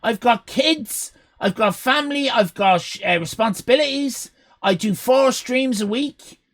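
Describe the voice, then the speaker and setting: An Irish man in his fifties, a live streamer shouting mock-outraged, swear-filled banter at his chat, his voice going hoarse. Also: very high-pitched, a little slow. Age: 50s.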